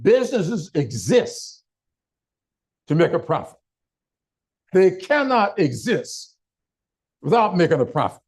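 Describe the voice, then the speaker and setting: Slow, deliberate older man. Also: high-pitched, big pitch swings, breathy edge. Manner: slow, deliberate oratory with emphatic pauses. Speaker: political speaker. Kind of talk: town hall speech. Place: town hall meeting.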